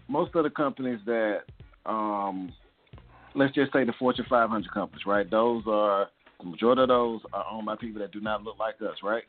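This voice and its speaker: A man's voice: lowish voice, normal speed. A man co-hosting a casual panel talk show, making his points through rhetorical questions. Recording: tinny phone-like line with faint music.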